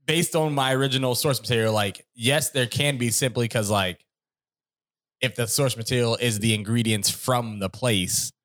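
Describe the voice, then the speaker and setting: A man's voice: mid-range voice, moderate pace, a bit bright, dry recording. Jokey rambling man, dry close sound. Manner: rambling, jokey, laughs often. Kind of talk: casual chat.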